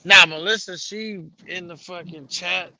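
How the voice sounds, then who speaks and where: A man's voice: high voice, fairly even intonation, a little slow, pushed and bright. A man chatting casually on a livestream, cursing freely and talking in a loose, easygoing way. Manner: profane, relieved, talks loosely. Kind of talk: casual chat.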